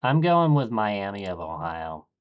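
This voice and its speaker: A man streaming, thinking aloud in a casual, low-key way as he murmurs his choices one after another. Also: big pitch swings, a little slow, muffled recording.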